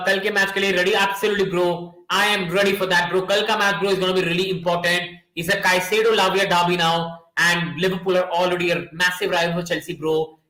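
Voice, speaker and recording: Young man, excitable live match commentary, high voice, bright tone, echoey room. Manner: excitable, repeats names and "guys", shouts at goals. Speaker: football watchalong host.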